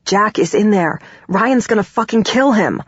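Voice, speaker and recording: A woman's voice: mid-range voice, animated, normal speed, breathy edge, no room sound. A woman voicing a caring young male friend who speaks with urgent concern. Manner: urgent, then soft and soothing. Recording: dull, dry audiobook recording.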